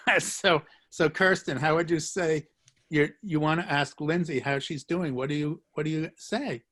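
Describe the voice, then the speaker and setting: A man's voice: fairly high pitch, steady tone, moderate pace, fairly bright tone. A man teaching a live online language lesson, joking, encouraging and repeating phrases for his students. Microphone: video call.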